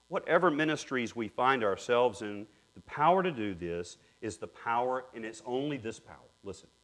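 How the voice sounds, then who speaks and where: Animated male preacher with a lively pitch. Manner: earnest preaching, swings from hushed to emphatic. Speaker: pastor. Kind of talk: sermon.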